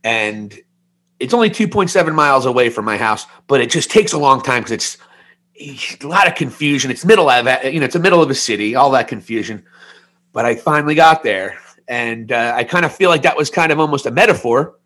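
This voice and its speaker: Lively intonation marks this man's mid-range voice, which is fairly quick and fairly bright in tone. As a podcast co-host in his forties, he chats casually, telling a rambling, candid personal story and joking at his own expense.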